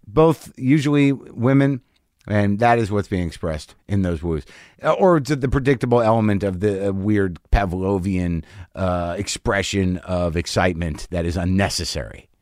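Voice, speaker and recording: A man, a comedian guest on a podcast interview, telling crude road stories in a profane, animated way. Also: sits low, moderate pace, no echo, studio quality.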